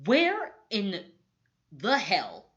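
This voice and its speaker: A woman from the United States with a lively, swooping voice and a bright, forceful tone co-hosts a casual film review podcast. She makes her points emphatically, with sassy asides. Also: mid-range voice, extremely slow, muffled recording. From United States, child of Jamaican immigrants. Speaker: podcast co-host. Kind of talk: casual pop-culture review chat.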